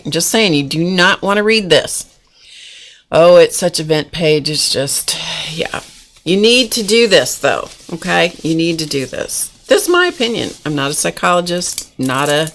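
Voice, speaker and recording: A woman's voice: fairly low pitch, fairly bright tone. Chatty woman teaching art journaling live. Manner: chatty, folksy, talks to viewers in chat. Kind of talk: casual live-stream art demonstration. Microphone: camera mic at a desk.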